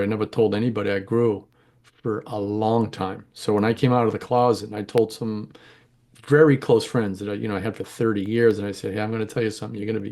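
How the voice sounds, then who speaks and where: Middle-aged male interview guest, low register, casual and frank, talks in loose run-on stories. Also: darkish tone. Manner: rambling, candid, self-correcting. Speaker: interview guest, home grower.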